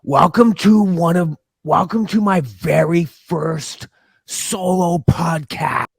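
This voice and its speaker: A man playing a slow-witted middle-aged office worker, a podcast guest calling in by video, with a dim, blunt manner and husky voice. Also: on the high side, no room sound, clean studio sound, full character voice. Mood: dopey. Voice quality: gravelly, husky. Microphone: video call.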